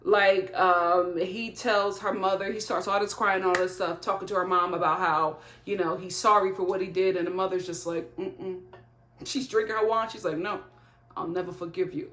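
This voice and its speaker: A woman hosting a casual reality TV recap, talking in an animated, gossipy way with frequent laughs. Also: on the low side, brisk, reverberant.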